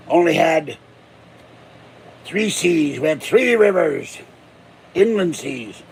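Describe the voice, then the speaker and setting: A man's voice: fairly high pitch, expressive, slow, vocal fry, long pauses, slightly rough. An older man from Pittsburgh, a channel host rambling through jokes and tall tales in a casual monologue. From Pittsburgh, USA. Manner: joking, chuckling, tall tales.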